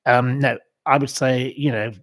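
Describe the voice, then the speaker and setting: This is a man from England chatting away on a home livestream, drifting from one story to the next. His voice sits at a medium pitch, full of ums and half-started sentences. The sound is dry and close, with no room echo. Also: little pitch movement, a little slow, a bit bright. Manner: chatty, digressive, many ums and restarts. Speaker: livestream host. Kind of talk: rambling casual livestream chat.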